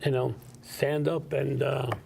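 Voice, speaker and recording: Gravelly New host, direct storyteller, faint noise. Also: male voice, medium pitch, flat delivery, measured pace, darkish tone. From New York. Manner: streetwise storyteller, plain and direct. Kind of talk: casual chat.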